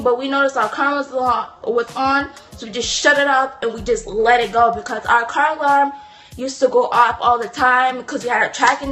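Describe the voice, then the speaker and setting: Teen girl vlogger, high voice, chatty storytime, faint music behind. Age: teens. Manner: chatty, animated, indignant asides with quick apologies. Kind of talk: casual storytime vlog.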